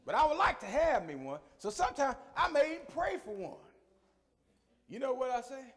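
High, animated preacher man. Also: normal speed. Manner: call-and-response preaching, swings from soft asides to shouted peaks. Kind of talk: sermon.

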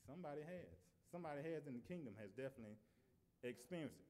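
In a sermon, a male preacher speaks conversationally, repeating and restarting his phrases as he goes. His voice is on the high side, expressive and a little mellow, and he talks at a racing pace.

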